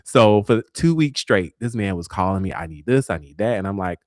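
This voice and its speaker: A talk show host in his forties tells dating stories casually, animatedly acting out the dialogue with plenty of sass. His voice is lowish and brisk, with hardly any pauses. The recording is clean studio sound with no room sound.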